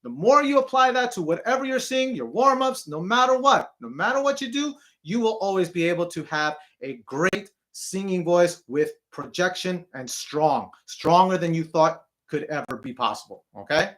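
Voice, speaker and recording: A man's voice: high voice, lively intonation, moderate pace, few pauses, fairly bright tone. Encouraging male singing teacher. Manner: encouraging, repeats "okay?" to check in; demonstrates and explains step by step. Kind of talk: online singing lesson.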